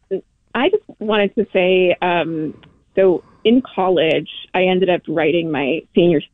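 A young woman on a tinny phone line, calling in to a radio show. She is earnest and hesitant, with many fillers, and her voice sits a little low. The line sounds close and dry. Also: no room sound. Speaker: caller. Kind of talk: radio call-in question.

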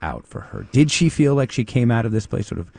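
A man hosting a public radio talk show, speaking in a measured way and giving soft acknowledgments as his guest talks. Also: mid-range voice, expressive, gravelly, slightly rough, dry recording. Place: radio studio. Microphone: studio microphone.

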